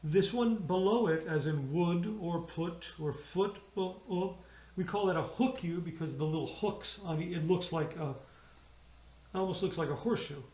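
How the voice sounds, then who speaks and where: A man's voice: a little high, moderate pace, a little mellow, reverberant. A man leading an online choir rehearsal, patiently explaining vowels and singing them as he demonstrates. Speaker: choir director.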